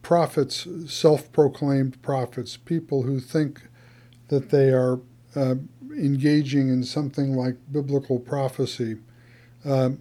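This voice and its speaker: Middle-aged man, mellow dark voice, slow, halting with restarts. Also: medium pitch, level tone. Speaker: co-host. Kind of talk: casual chat about scripture.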